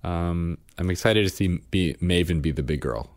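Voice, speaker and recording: A man with a lowish voice chats casually as a show's co-host. He tells long family anecdotes in a rambling, animated way and often restarts his sentences. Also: moderate pace. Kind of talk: casual chat.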